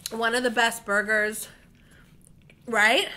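A woman co-hosting an eating vlog in a bright, slightly high voice. She gushes about each dish, drops "like" often and turns to the camera with asides for her viewers. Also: level tone, slow. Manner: gushing, talks to viewers with lots of "like". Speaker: vlog co-host. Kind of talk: casual mukbang chat.

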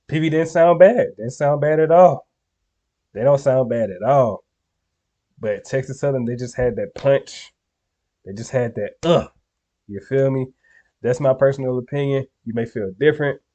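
A man's voice: mid-range voice, dark tone, dull audio. A young man hosting a reaction video, talking casually and loosely to his viewers in slang, often checking in with "you feel me.". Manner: laid-back slangy talk to viewers, frequent "you feel me".

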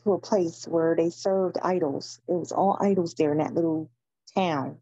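Husky low woman in a dull dry recording. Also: fairly even intonation, moderate pace, dark tone, no room sound. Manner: hesitant, searching for the passage. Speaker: Bible study participant. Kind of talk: casual group discussion.

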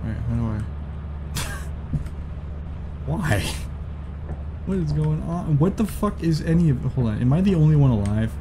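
Man gaming, swearing, slow lively voice, noisy capture. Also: on the high side. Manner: loud, swearing, exclaiming. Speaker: gamer. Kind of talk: casual gaming chat.

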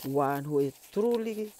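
A woman's voice: deep voice, mellow, a little hiss or hum. A woman vlogger chatting casually while unboxing gifts, gushing and emotional, laughing often. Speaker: channel founder.

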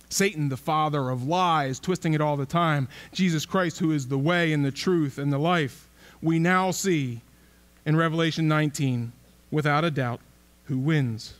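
High-voiced male pastor preaching. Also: moderate pace. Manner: conversational preaching with rhetorical questions and repeated phrases. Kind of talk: sermon. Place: church sanctuary.

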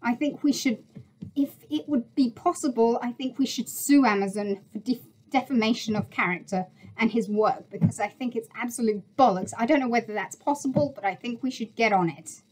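Woman, fairly high voice, vlogger, angry rant, indignant, swears, stumbles and restarts. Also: a little fast, darkish tone, a little hiss or hum, rough recording. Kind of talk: angry ranting monologue.

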